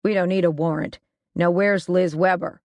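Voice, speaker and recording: Brief: gruff, threatening cop, as the narrator puts him on, dry read. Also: medium pitch, fairly even intonation, normal speed, dry recording, close to an everyday voice. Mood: hard. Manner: growling, threatening. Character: gruff tough male police detective.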